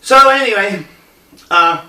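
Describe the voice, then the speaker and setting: A middle-aged man with a high-set, bright, edgy voice rambles through a personal story in blunt, profane casual talk. He sounds set back from the mic, and the room rings with echo around him. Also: expressive, slow, slight background noise. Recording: echoey room, distant mic.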